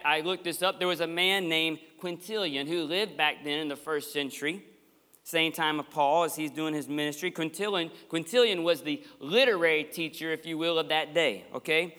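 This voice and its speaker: A male pastor preaches in a somewhat high, bright and forceful voice, passionate and emphatic, slipping in folksy asides. His sermon rings out in a church hall with a long, echoing reverb. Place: church sanctuary.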